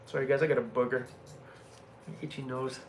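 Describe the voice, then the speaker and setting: A man's voice: medium pitch, fairly even intonation, moderate pace, a little hiss or hum. A man chatting casually to his viewers on a live stream from a hotel room, laughing often and talking to his dog. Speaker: van-life vlogger on a live stream.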